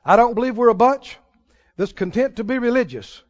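High-pitched guy preaching slow, loud then hushed, muffled old recording. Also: lively intonation, long reverb tail. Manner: preaching with dramatic swings between loud and hushed. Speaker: pastor. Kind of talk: sermon. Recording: dull lo-fi sermon recording.

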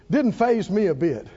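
This older pastor's sermon comes through in a husky voice that sits high, with the top frequencies cut off. He's an animated storyteller who laughs frequently and keeps calling on the congregation to answer back.

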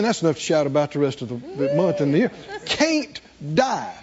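A male pastor preaches in a high, animated voice that swings widely in pitch. He reads scripture aloud and throws rhetorical questions to the congregation. The sound is dull and lo-fi, as if taped in a church. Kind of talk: sermon.

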